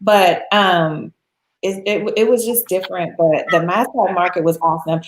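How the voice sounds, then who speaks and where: An American woman telling travel stories in a casual chat as a guest, animated and laughing often. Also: on the low side, moderate pace. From United States. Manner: animated, laughs often, acts out quoted voices. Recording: roomy echo.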